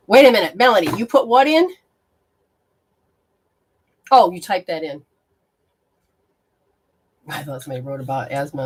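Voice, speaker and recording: Woman host, lower pitch, spiritual reader on a live stream: blunt, exclamatory, unfiltered. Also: darkish tone, slightly rough. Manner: blunt and exclamatory, swearing, reacting aloud to sensations. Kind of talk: casual live-stream talk with viewers.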